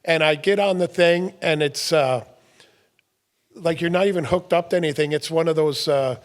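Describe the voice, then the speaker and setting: High-voiced man telling animated stories. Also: normal speed. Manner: animated storyteller, laughs often, acts out quotes. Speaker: podcast co-host. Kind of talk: casual chat.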